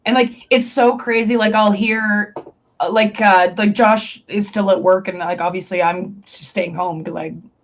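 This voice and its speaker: A woman's voice: medium pitch, fairly even intonation, unhurried, slight background noise. A young woman in casual chat, talking candidly and rambling, with lots of fillers and swearing. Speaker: stream co-host.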